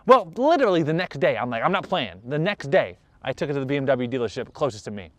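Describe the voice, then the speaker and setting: A man telling a personal car story in an animated vlog, acting out every side of the exchanges and mocking himself. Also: fast, dry recording. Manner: self-mocking, jumps in pitch when excited.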